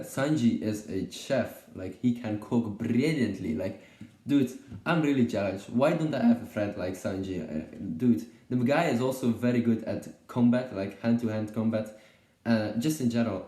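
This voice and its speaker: A man's voice: lowish voice, dark tone, roomy sound. A man giving a casual unscripted video review, rambling and hesitant, with many fillers and restarts. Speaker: YouTube reviewer.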